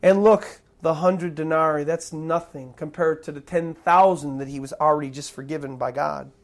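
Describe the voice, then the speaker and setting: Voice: mid-range voice, fairly even intonation, normal speed. A preacher giving a sermon, reading verses aloud and explaining them with emphatic stress. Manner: emphatic, reads verses then explains, stresses key words.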